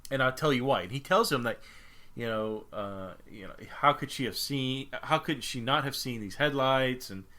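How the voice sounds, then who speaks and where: A man's voice: mid-range voice, moderate pace, pushed and bright. Podcast guy walking through a movie plot, lots of ums and restarts, medium voice. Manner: rambling, self-correcting plot recap. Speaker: podcast co-host. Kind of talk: casual chat.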